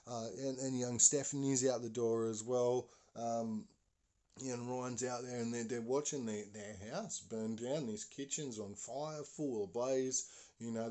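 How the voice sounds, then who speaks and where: A man's voice: mid-range voice, mellow. A man telling a spooky story as a podcast host, casual and rambling with many fillers and restarts.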